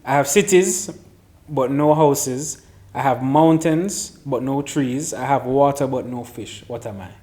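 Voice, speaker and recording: A man's voice: mid-range voice, a little slow, mellow. A man hosting a casual chat show, reading riddles aloud and teasing his friends. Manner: teasing, laughs often.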